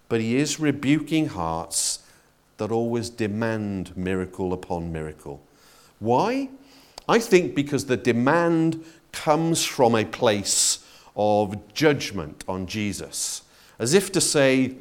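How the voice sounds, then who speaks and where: A man delivering a sermon with a medium-pitched voice that rises and falls dramatically. He talks to the congregation directly and conversationally, letting his voice leap up when excited and drop low and quiet on serious points. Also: takes it slowly. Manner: expressive, conversational preaching with wide swings in pitch and loudness. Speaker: preacher.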